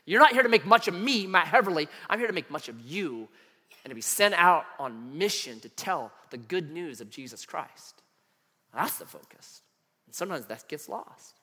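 A pastor with a high, breathy-edged voice preaches a sermon, and a long reverb tail trails his words. He's an animated storyteller, sharing personal stories and acting out the voices of the people in them.

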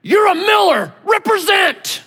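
A preacher acting a pushy dad, high and pleading. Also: male voice, fast, big-room sound. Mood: yelling. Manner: coaxing, then exploding in a shout. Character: pushy father coaxing his small son.

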